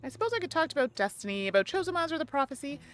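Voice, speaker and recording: A woman's voice: high-pitched, very animated, very fast, faint music behind, voice pushed up. Maliki, as a woman reads her, breezy and sing-songy. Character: cheerful eccentric woman mage, welcoming host.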